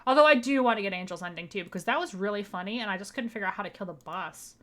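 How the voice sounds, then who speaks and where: A woman's voice: medium pitch, rapid-fire, fairly bright tone. A woman vtuber giving casual, joking commentary while playing a game. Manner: chatty, joking asides. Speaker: vtuber streamer.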